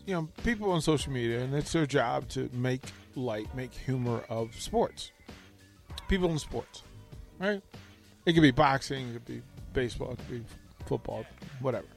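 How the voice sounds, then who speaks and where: A man co-hosting a sports radio show, chatting casually in an animated way. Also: medium pitch.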